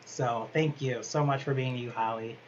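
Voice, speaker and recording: A man co-hosting a video chat, speaking in a deliberate way. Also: mid-range voice, fairly even intonation, slight background noise. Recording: dull lo-fi sound.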